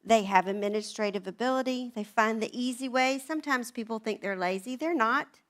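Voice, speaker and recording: A woman's voice: a little high, a little fast. A woman around sixty, giving a chatty, humorous personal talk at a women's event. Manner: animated, chatty storytelling.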